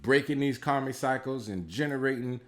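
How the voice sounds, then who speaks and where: A man speaking at a middle pitch, talking loosely and bluntly with plenty of swearing. He rambles, circles back on the same points and leans on fillers, like an unscripted spiritual pep talk from a tarot reader. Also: normal speed, a bit bright. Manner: blunt, heavily profane, street-casual; rambling, repeats himself, lots of fillers. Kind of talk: casual spiritual advice monologue.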